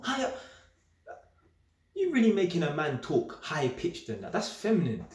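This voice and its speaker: A young vlogger with a mid-range voice delivers a casual, straight-talking monologue in streetwise, slang-heavy speech. He's animated and emphatic, repeating himself, and the room gives his voice an echo.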